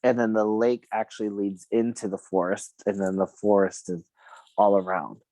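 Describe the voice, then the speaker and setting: In a past-life regression session, a man casually describes what he sees, laughing often and acting out the people he quotes. His voice is fairly low and dark, level in tone, at a moderate pace, with no room sound.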